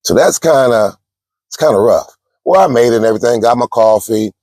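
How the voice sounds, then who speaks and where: A man's voice: mid-range voice, lively intonation, a little fast, darkish tone, no echo. A man, a truck driver giving casual vlog advice, chatty and storytelling, calling his viewers y'all. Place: parked truck at a truck stop.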